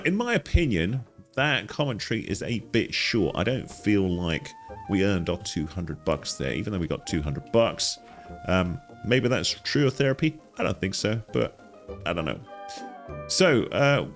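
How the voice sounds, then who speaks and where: Gravelly gamer commentating. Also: male voice, low-pitched, sing-song, normal speed, a bit bright, faint music behind. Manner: chatty, wry, thinking aloud. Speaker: gaming channel host. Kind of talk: casual game walkthrough commentary.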